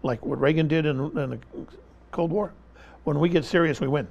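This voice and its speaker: A man's voice: fairly high pitch, a little fast, creaky, a little mellow, muffled recording. A man speaking as an interview guest, giving impassioned political commentary in an emphatic style, pressing the same point again and again and talking over interruptions.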